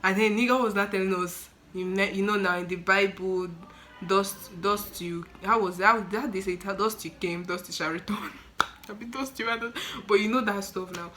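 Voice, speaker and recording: A nineteen-year-old woman with a Nigerian accent, telling a story in an animated, exclaiming vlog style. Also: medium pitch, normal speed, slight background noise, rough recording. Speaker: student nurse vlogger.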